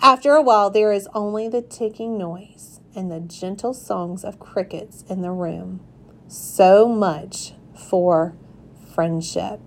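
A woman reads a children's chapter book aloud for young listeners. She takes her time, in a gentle and unhurried manner. Her pitch sits in the middle. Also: vocal fry, a little hiss or hum. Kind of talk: storybook read-aloud.

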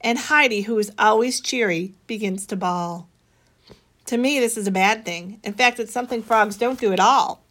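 A woman reading a children's story aloud, expressive, with a bright, animated delivery. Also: moderate pace. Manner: expressive, voices the children's dialogue higher.

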